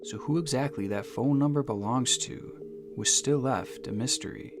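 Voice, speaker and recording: A man giving scripted, suspenseful mystery narration, measured and slowing down for dramatic phrases. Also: medium pitch. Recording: narration over music.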